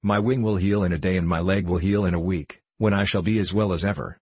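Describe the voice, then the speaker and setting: A man's voice: low-pitched, steady tone, quick pace, a little mellow, breathy edge, dry recording. A man voicing a huge, bad-tempered flying rock monster in a storybook, talking harshly through clenched teeth in a reproachful, grumbling way.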